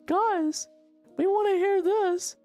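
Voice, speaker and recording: A man doing a high, whiny imitation of girls in his chat begging him to say something. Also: steady tone, slow pace, darkish tone, soft background music. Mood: pleading.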